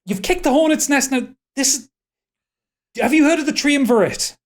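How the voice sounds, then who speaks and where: A game master voicing a jittery, swearing tavern keeper who gives rushed warnings in a raised voice. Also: male voice, on the high side, animated, voice pushed up, close to an everyday voice. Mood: alarmed. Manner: panicky, cursing, rushed warnings. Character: jittery middle-aged male tavern keeper, swears a lot.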